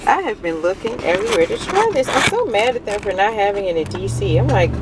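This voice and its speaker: A woman chatting casually on her vlog, reviewing food in a restaurant, animated and laughing often. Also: medium pitch, a little fast, few pauses, background noise. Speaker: vlogger.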